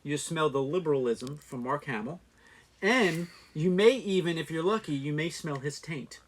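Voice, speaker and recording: A man's voice: fairly high pitch, moderate pace. A man co-hosting a casual live stream, joking and laughing often as he shows off a giveaway. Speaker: co-host.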